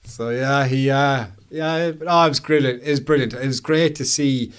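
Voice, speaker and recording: A man's voice: medium pitch, fairly even intonation, moderate pace, clear, resonant tone. An Irish man hosting a photography podcast, chatting casually and laughing easily, with plenty of Irish slang. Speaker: podcast host and professional photographer. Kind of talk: casual chat.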